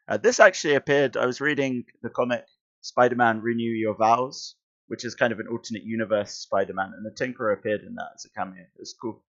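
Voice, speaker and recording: A man's voice: fairly low pitch, fast talker, fairly bright tone, highs cut off. Chatty man reading comics aloud. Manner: chatty, self-interrupting, amused asides. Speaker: streamer and schoolteacher. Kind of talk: casual comic read-along commentary.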